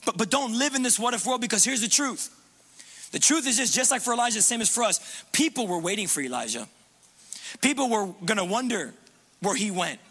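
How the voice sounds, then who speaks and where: A man preaching a sermon as pastor, impassioned and repetitive, swinging between loud urging and hushed low passages. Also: animated, brisk, husky.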